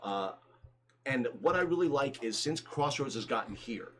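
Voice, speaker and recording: A man co-hosting a livestream in casual chat, excitable and chatty, with lots of fillers. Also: mid-range voice, moderate pace, a little hiss or hum. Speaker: livestream co-host.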